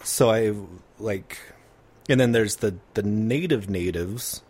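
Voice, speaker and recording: Young male co-host, lowish voice, dry quips, rambling thoughts. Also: takes it slowly, darkish tone, husky. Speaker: podcast co-host. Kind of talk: casual chat.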